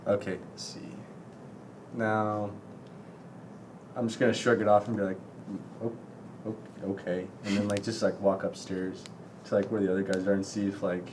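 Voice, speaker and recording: Low-voiced young man at a game table. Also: level tone, moderate pace, pauses often. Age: young adult. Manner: hesitant, thinking aloud. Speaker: player. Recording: distant mic with background noise.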